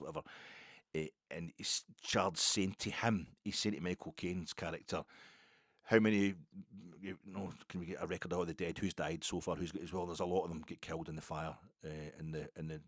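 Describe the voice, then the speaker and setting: Rambling deep-voiced Scottish man. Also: slightly rough, dry recording, clean studio sound. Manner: rambling, animated, self-interrupting. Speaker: football podcast host. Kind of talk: casual solo podcast monologue.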